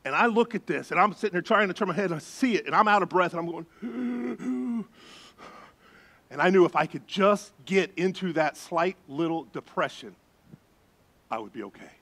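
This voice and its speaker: A middle-aged man preaching as a pastor, telling a story with lively voices and gasps. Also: high voice, fast talker. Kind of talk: sermon storytelling.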